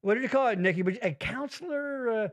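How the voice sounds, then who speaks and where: A man hosting a podcast in casual chat, rambling and profane, telling stories with lively put-on voices. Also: extremely high pitch, quick pace. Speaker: podcast host.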